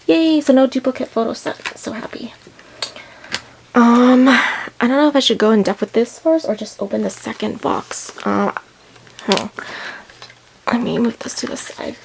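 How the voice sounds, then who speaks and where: A woman talks through an unboxing, out of breath and gushing, with lots of ums. Her voice has a gravelly fry and she speaks at an unhurried pace. A faint hiss of noise sits behind her. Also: medium pitch, a little mellow. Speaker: unboxing vlogger. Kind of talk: casual unboxing chat.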